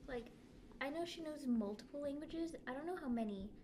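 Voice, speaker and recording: Woman chiming in slow from across the room, higher mellow voice. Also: expressive, slight background noise. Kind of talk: casual chat. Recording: distant from the mic.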